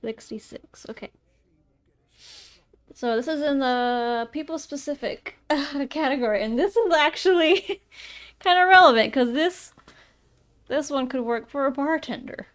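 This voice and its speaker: 킥킥 웃으며 수다스러운 여자 게임 플레이어. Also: female voice, high voice, measured pace, long pauses. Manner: giggly, chatty, reads out from a rulebook. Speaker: player. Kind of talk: casual tabletop game chat.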